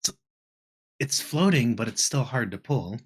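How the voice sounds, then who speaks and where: A man's voice: medium pitch, lively intonation, a little slow, breathy edge. A man playing a tabletop game in character, thinking aloud with hesitant restarts.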